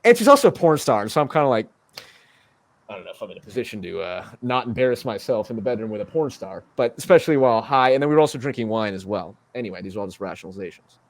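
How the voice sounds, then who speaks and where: A man's voice: fairly low pitch, big pitch swings, very fast, no room sound. A young man in his twenties hosting a casual podcast, rambling through a story with many fillers and restarts. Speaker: podcast host.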